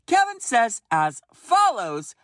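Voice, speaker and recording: A man in his thirties hosting a solo podcast, talking in an animated, exasperated way, swearing freely and laughing often. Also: very high-pitched, slow pace, dry recording, clean studio sound. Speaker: podcast host.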